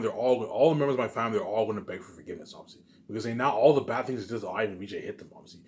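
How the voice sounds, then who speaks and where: Speaking at a fairly low pitch with a little hiss or hum on the recording, a channel host rambles through a monologue to his viewers by himself. His delivery is profane, grandiose, and emphatic, filled with repeated "obviously" and "you know what I'm saying."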